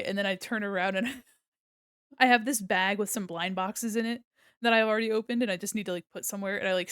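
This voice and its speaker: Young woman, higher voice, chatty and giggly, dry close desk mic, casual stream talk. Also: fairly bright tone, smooth, no room sound. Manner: chatty, giggly, self-deprecating. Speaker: art streamer. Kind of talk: casual stream chat while drawing.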